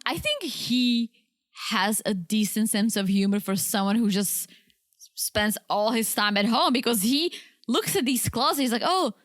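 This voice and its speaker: A woman co-hosts a casual podcast. Her voice sits a little high, and she gives blunt opinions and laughs easily. The sound is dry and close to the mic. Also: expressive, unhurried, no echo. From Czech Republic. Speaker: podcast co-host. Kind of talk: casual chat recapping a reality show.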